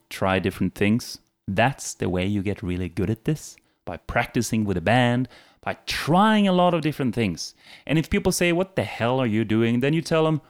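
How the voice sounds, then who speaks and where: A man teaching a casual singing lesson who breaks into short sung example phrases between his explanations, with faint music playing behind him. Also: on the low side. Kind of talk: casual video vocal lesson.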